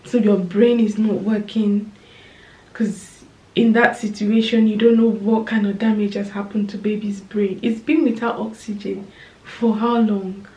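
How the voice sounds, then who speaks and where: A woman telling an emotional story in a storytime vlog, tearful at times and dropping to soft whispers. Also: medium pitch, level tone, a little slow, echoey room. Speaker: vlogger, new mother.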